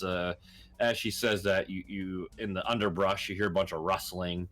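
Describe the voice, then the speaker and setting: A man's voice: sits low, steady tone, moderate pace, fairly bright tone. A man narrating as game master, hesitant and full of ums and uhs. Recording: faint music behind.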